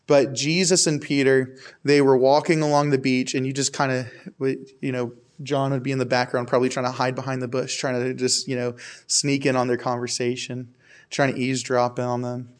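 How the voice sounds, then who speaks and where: With a flat, mid-range delivery at moderate speed, a young preacher gives a relaxed sermon to a youth group. He peppers it with frequent, repetitive "I can tell you" remarks aimed at the audience.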